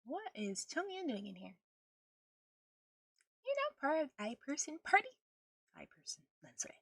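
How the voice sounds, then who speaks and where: A woman's voice: high-pitched, huge pitch swings, unhurried, no echo, studio quality. A woman streaming a video game, chatting casually and rambling with frequent laughter. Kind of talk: casual gameplay stream chat.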